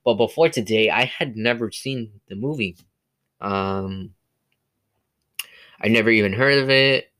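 A man's voice: lowish voice, unhurried, long pauses, sharp tone. Rambling male podcast host. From California. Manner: rambling, many fillers and restarts. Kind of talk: casual solo movie review podcast.

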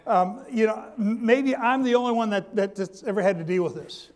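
In a high-pitched voice and at a fairly quick clip, a man delivers a sermon. He urges the congregation to respond, restarts with a stammer, and repeats his central points.

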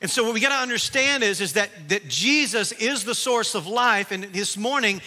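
A middle-aged man preaching with a lilt, his voice high for a man and very bright. He tells his story with animated asides and restarts, and a long reverb trails every phrase in the church hall. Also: normal speed. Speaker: pastor. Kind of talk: sermon. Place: church sanctuary.

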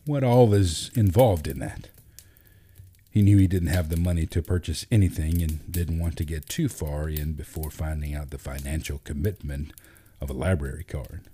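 A man narrating a storybook in a measured, gentle reading. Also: a bass voice, steady tone, slightly rough.

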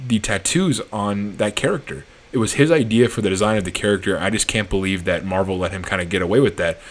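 A young man with a voice on the low side hosts a podcast and casually reviews a movie. He rambles, restarts his sentences, and laughs easily.

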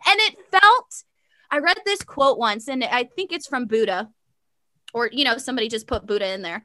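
A young woman telling a long personal story in casual chat, sassy and animated, full of fillers and quoted dialogue. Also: on the high side, moderate pace, no room sound.

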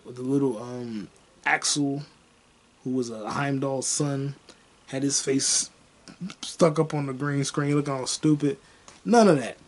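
Profane rambling man with a gravelly voice. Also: mid-range voice, a little slow, long pauses. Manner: profane, rambling, animated bursts of excitement. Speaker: podcast host. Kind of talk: casual solo movie review rant.

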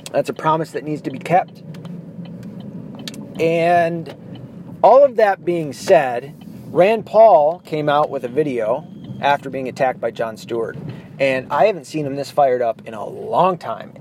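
A man's voice: mid-range voice, a little mellow, slight background noise, poor audio. A man from Michigan giving rambling, profane, heated political commentary. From Michigan, USA. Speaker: commentary host.

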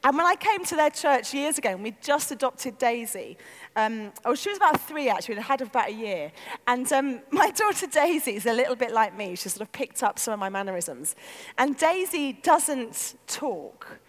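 Animated woman preaching in a hall. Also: a little high, normal speed. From North London. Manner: animated, acts out voices, laughs often. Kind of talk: lively storytelling sermon. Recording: church hall reverb.

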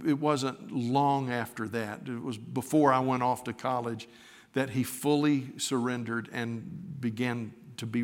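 An older man preaching a sermon, moving from a tender, emotional story to fervent appeals to the congregation. His voice sits at an ordinary middle pitch and carries a long reverb, as if it were filling a large hall.

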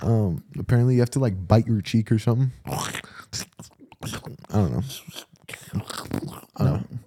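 A man's voice: fairly low pitch, measured pace, noisy background. Laid-back young man rambling casually. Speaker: podcast co-host. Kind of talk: casual chat.

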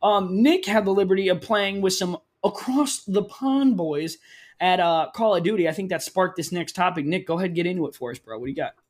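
A man's voice: high-pitched, a little fast. A young man hosting a casual podcast, steering segments with jokey banter. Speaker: podcast host. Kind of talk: casual chat.

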